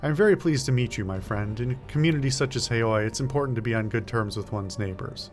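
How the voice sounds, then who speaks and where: Cultured, softly menacing male tinkerer, voiced by a man, smooth and pleasant, game read-along. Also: medium pitch, quick pace, faint music behind, lightly acted. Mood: polite.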